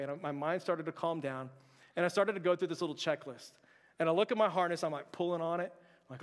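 A male pastor preaches with a lively, humorous storytelling manner, sometimes sinking to a near-whisper for his own inner thoughts. His voice sits fairly high for a man. It rings out in a church hall with a long, trailing reverb. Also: fast. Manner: animated and humorous, drops to a hushed voice for quoted thoughts. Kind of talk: sermon with personal storytelling. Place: church sanctuary.

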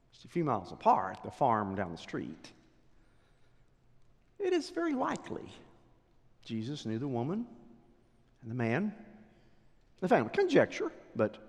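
Dramatic preacher man in a reverberant hall. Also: very high voice. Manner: dramatic swings from loud declarations to hushed whispers. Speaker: pastor. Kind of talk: sermon.

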